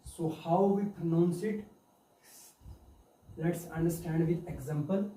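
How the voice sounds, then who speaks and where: A male pronunciation teacher talks very slowly and repeats each sound and word in turn like a drill. His voice is dark and mellow with a slightly raised pitch. He is recorded far from the mic in an echoey room with a faint hiss behind him. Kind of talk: pronunciation lesson.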